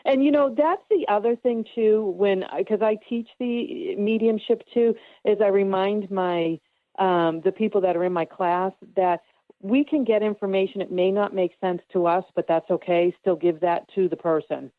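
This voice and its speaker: Calm woman medium on a phone line. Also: mid-range voice, dry recording. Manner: calm, reassuring, explains slowly with fillers. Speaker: spiritual medium guest. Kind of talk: casual radio interview.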